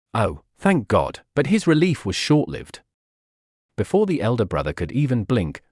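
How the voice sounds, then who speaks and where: Guy reading fanfic out loud, dramatic, lively pitch, dry close mic. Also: dry recording. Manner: dramatic, expressive. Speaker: audiobook narrator.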